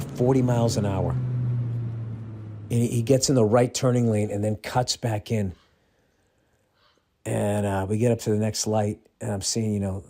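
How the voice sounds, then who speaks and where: A man in his fifties talks on his own podcast in a loose, rambling monologue. His voice sits a little low, and he swears constantly as he turns stories into exasperated, incredulous rants. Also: dark tone, slightly rough. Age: 50s. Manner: profane, rambling storyteller with frequent swearing. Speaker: podcast host. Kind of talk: casual solo ranting monologue.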